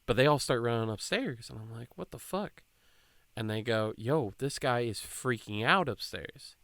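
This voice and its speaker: A man's voice: mid-range voice, moderate pace, fairly bright tone, no room sound. A young man hosting a podcast, telling a rambling, swear-filled story in casual chat and quoting people along the way. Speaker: podcast host.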